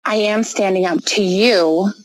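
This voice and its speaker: A woman's voice: medium pitch, measured pace, poor audio. A woman in a heated phone argument, firm and commanding, repeating her demands. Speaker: caller.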